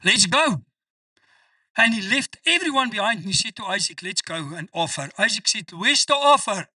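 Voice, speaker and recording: A male pastor preaching a sermon, reading scripture slowly with strong emphasis and acting out the voices of people in his stories. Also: high voice, expressive, bright, forceful tone, husky, no room sound, distant mic. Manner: emphatic preaching, quotes scripture with slow stressed delivery.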